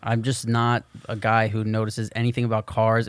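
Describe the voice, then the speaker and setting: A man's voice: on the low side, completely flat delivery, normal speed, dry recording. A man co-hosting a casual podcast, chatty and teasing, with lots of "like" fillers. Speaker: podcast co-host.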